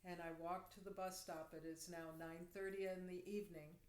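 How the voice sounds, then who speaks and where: A woman guest on a podcast telling a personal story in a vivid, animated way during casual chat. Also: fairly low pitch, a little fast. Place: room. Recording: roomy echo.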